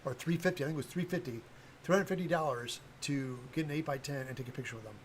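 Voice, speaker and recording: A man's voice: on the high side, fast, slight background noise, poor audio. An older man talking casually on a livestream, blunt and rambling, with lots of fillers and restarts. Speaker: livestream host, cosplay prop maker.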